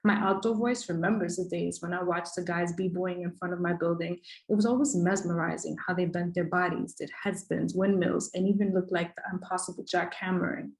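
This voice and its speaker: A woman's voice: on the low side, fairly even intonation, brisk, hardly any pauses, rough recording. A woman performing a rhythmic, emphatic spoken word poem with a repeated refrain. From the Bronx, New York.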